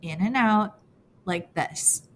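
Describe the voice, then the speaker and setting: A woman reading a calm, soothing father. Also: mid-range voice, takes it slowly, a little hiss or hum, lightly acted. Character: steady, caring father comforting his daughter.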